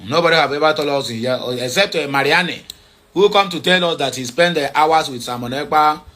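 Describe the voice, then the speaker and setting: Slightly fast and a little high, his voice sounds pushed and bright. He's an online news commentator going over social media posts, hesitating, filling gaps, self-correcting, and hammering the same points urgently.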